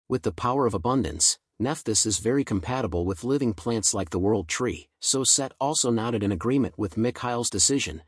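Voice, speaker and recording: A man giving a scripted, even narration of a fantasy comic story. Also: fairly low pitch, fairly quick, hardly any pauses, breathy edge, no room sound, studio quality.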